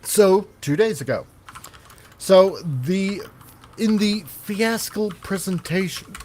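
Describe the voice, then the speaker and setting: A man's voice: fairly high pitch, expressive, slow pace, darkish tone, a little hiss or hum. A man hosting a casual podcast, reading gaming news with rambling, self-correcting sarcastic asides. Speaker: podcast host.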